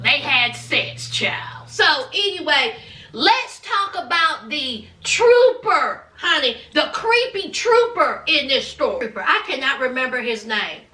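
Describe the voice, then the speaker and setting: A woman's voice: sits high, pushed and bright, slight background noise. A woman giving a chatty, sassy show recap, calling her viewers honey and child. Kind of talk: casual gossipy recap. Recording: roomy echo, mic at a distance.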